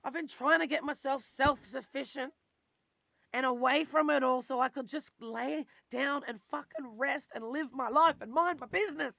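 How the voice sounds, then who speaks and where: Woman, confessional vlog, gravelly fry in her voice, dry close sound, raw and sweary. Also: sits high, moderate pace, bright, forceful tone, no echo. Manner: raw, emotional, swears freely. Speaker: vlogger.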